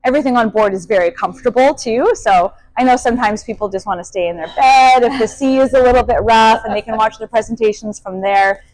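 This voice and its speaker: A woman's voice: on the high side, quick pace, few pauses, darkish tone, poor audio. A young adult woman, a kayak guide, answering interview questions in a friendly, chatty way with frequent fillers and laughs. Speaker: kayak guide on expedition ship.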